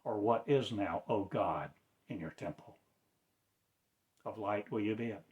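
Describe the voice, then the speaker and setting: A man preaching in a slow, declamatory way, with sudden loud rises in his voice. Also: on the low side, lo-fi sound. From United States. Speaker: self-styled spiritual teacher. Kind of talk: impassioned preaching.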